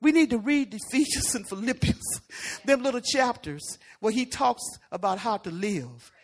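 A woman preacher giving a folksy, conversational sermon, swinging from loud emphatic lines to hushed asides. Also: fairly high pitch, lively intonation, moderate pace.

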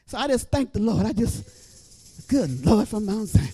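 Older man, church preacher; fervent, exhorting delivery that swells to shouts; very high register. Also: big pitch swings, unhurried, husky. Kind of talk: preaching sermon.

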